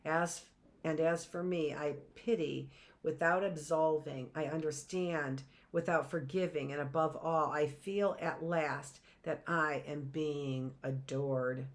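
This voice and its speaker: A woman teacher reading a novel aloud in a measured, expressive way. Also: sits low.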